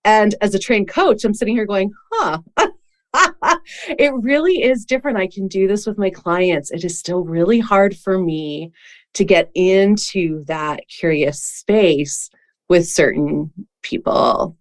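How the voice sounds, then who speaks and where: Woman, podcast host and coach; casual, reflective, quick to laugh. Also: mid-range voice.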